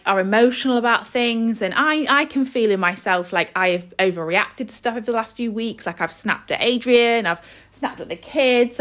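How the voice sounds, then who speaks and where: A woman's voice: medium pitch, fairly bright tone. A woman, hosting a podcast and talking casually and earnestly, with many "you know" and "like" fillers. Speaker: podcast host.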